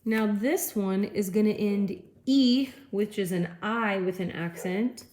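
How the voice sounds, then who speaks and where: A woman's voice: mid-range voice, takes it slowly, darkish tone. A woman teacher giving a classroom lecture, explaining step by step and checking in with frequent okays. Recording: echoey room, faint noise.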